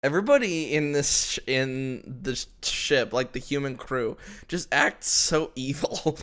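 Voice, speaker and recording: A man's voice: mid-range voice, animated, measured pace, a bit bright. A man co-hosting a podcast, joking and laughing often in casual chat about a film. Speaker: podcast co-host. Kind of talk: casual movie-review chat.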